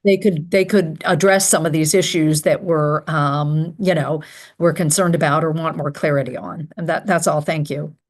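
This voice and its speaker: A woman legislator speaking in a committee discussion, measured and full of small fillers. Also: deep voice, steady tone.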